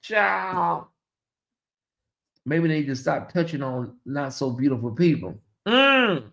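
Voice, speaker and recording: A man hosting a casual livestream, sassy and animated, often mimicking voices. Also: on the high side, takes it slowly, creaky. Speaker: host.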